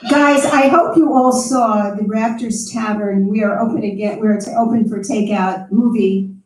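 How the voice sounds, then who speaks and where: A woman's voice: medium pitch, fairly even intonation, moderate pace, slight background noise. A woman chatting casually and laughing between songs as a guest singer-songwriter at a tavern. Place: tavern stage. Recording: echoey room, distant mic, loud guitar.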